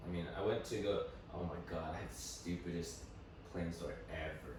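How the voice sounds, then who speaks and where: Young man telling a story in an echoey room. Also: brisk. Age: young adult. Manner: animated storyteller, swears freely, mimics family in high voices. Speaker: podcast co-host. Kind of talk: casual chat. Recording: echoey room, distant mic, faint noise.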